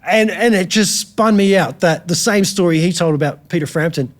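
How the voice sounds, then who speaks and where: A middle-aged Australian man, a guitarist guest telling frank, animated stories in a casual chat. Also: high-pitched, moderate pace. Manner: animated storyteller, frank and chatty.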